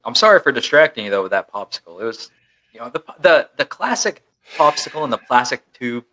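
Bright, lively young man chatting. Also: mid-range voice, brisk. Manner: chatty, rambling, many fillers. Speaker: podcast co-host. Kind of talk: casual chat.

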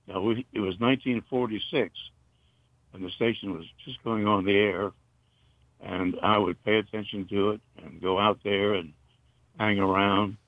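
An older man from North Carolina, a retired broadcaster, reminiscing in a halting, rambling way with many fillers. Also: fairly low pitch, fairly even intonation, no echo. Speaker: interview guest, retired broadcaster. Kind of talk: casual reminiscing. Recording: dull, muffled dry recording.

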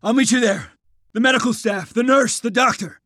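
A man voicing a hurried young lieutenant answering in quick, tense phrases. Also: very high-pitched, sharp tone, no room sound, studio quality, voice pushed up, heavily acted.

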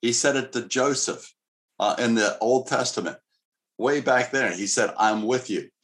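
A man's voice: medium pitch, unhurried, a bit bright. A middle-aged male pastor preaching a sermon in an earnest, conversational way with casual asides.

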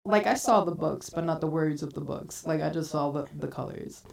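Young woman podcast cohost, low voice, rambling chatty story, sounds kinda far from the mic. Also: a little fast, vocal fry, darkish tone. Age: 20s. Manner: rambling storytelling, many likes. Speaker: podcast co-host. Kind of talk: casual chat.

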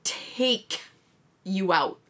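A young woman chatting casually as a podcast co-host, telling a blunt, heavily sworn, animated story. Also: mid-range voice, extremely slow. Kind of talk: casual chat.

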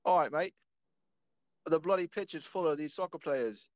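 A man's voice: on the high side, moderate pace, no echo, lo-fi sound, voice pushed up, close to an everyday voice. A man voicing a cheery, slangy English bloke with an English accent, talking football. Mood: jokey. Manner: slangy, jokey.

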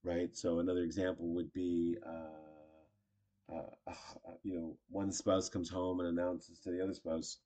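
A man's voice: low voice, little pitch movement, a little slow, mellow. A man casually teaching improv, chatty and acting out short example lines. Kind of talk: casual instructional talk.

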